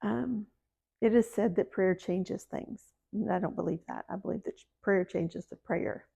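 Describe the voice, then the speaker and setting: A middle-aged woman from the American Deep South, chatting casually to camera about her homestead and faith, laughing at herself. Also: moderate pace, creaky, warm tone, slightly rough, lo-fi sound. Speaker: homesteading vlogger.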